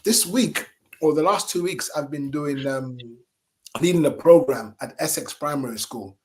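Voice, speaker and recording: A middle-aged man, a singer and entertainer, telling stories as a radio guest in a lively, animated way with chuckles. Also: on the high side, moderate pace. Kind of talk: casual interview storytelling. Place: radio studio.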